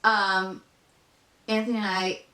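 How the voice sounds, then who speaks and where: A young woman co-hosting a casual nostalgic podcast chat, telling stories with animated asides. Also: mid-range voice, a little slow. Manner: animated storyteller, acts out commercial voices. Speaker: podcast co-host. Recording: roomy echo, backup audio.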